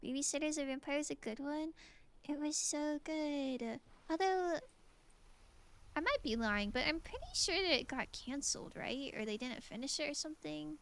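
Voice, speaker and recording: Bright, gravelly high-voiced woman streamer. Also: normal speed. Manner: relaxed, musing, reads and answers chat. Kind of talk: casual gameplay chat with chat.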